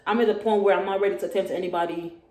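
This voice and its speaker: A young woman vlogging a storytime about college life, telling it in an animated way and acting out the loud quotes. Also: medium pitch, racing. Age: young adult. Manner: animated, acts out yelled quotes. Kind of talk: storytime vlog. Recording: echoey room, faint noise.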